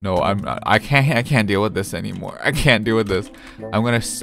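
Excitable young man narrating a build. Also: on the low side, fairly quick, vocal fry, soft background music. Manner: chatty and excitable, with gasps and squeals. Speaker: game building video creator. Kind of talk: casual gameplay commentary.

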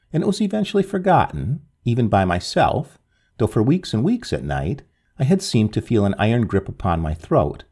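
A male storyteller reads an old ghost story with drama, his husky voice rising and falling over a very wide range. His voice sits fairly low, and he gives each line a vivid, expressive turn. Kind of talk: reading a Victorian ghost story aloud.

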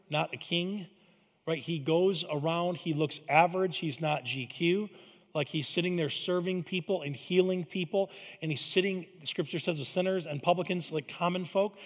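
A man preaching a sermon in a large church, conversational, swinging between loud emphatic lines and hushed asides. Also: a little high. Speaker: pastor. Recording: long hall reverb.

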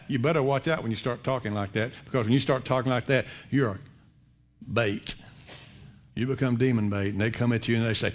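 A man's voice: medium pitch, a little fast. A male pastor preaching a sermon in a conversational, folksy way, repeating phrases for emphasis.

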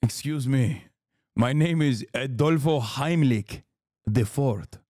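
A man's voice: medium pitch, slow pace, dark tone, no room sound, studio quality. A man putting on a mock-offended Argentine man. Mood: mock indignant. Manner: mocking, exaggerated. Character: mocked Argentine man, defensive, grandson of a Nazi.

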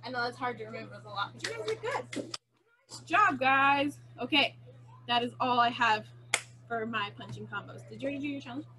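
A woman's voice: fairly high pitch, lively intonation, a little fast, background noise. A young woman teaching a virtual martial arts class to children, calling out punches in an upbeat way over a video call. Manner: upbeat, calls out moves to children. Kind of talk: virtual kids' class instruction.

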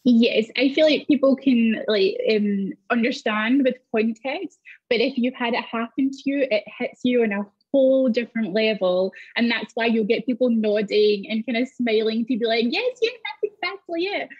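Scottish woman, comic guest on a panel, higher voice with husky edge, lively storyteller, dull lo-fi audio. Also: moderate pace. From Scotland. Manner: animated storytelling with acted-out dialogue. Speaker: comedian guest.

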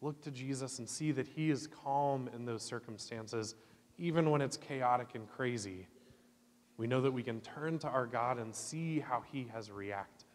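A man from Oklahoma leading a children's chapel sermon, lively and asking the kids questions. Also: medium pitch, a little slow. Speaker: guest chapel leader. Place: church chapel. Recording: long hall reverb.

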